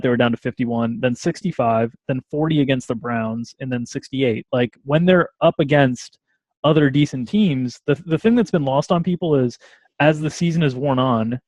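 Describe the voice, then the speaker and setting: A man's voice: mid-range voice, darkish tone, no room sound. Wry man breaking down sports stats. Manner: dry, wry humor, stat-heavy. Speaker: podcast guest analyst. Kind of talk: casual chat.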